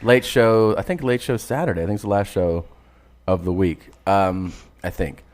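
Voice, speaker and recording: A man's voice: low-pitched, moderate pace. A man co-hosting a podcast, telling a story in casual chat, swearing freely and laughing often. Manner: animated anecdote teller, swears, laughs often. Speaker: podcast co-host.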